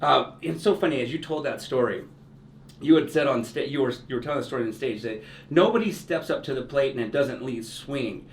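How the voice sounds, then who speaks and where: A young man hosting an interview, enthusiastic and quick to affirm, sharing a short personal story. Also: medium pitch, expressive. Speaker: interview host. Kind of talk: casual interview. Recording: roomy, distant mic with faint hiss.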